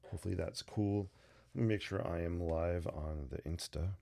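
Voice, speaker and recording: A man's voice: deep voice, normal speed, gravelly, mellow. A man hosting a casual sketching livestream from his desk, talking loosely and unrehearsed to viewers, tired and stuffy from a sinus cold. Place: home desk. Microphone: desk microphone.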